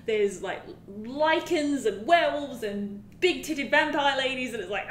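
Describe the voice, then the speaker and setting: Animated, swearing woman in echoey room. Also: high voice, unhurried, a little hiss or hum. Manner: animated, profane storytelling. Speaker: podcast co-host. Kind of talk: casual chat about games.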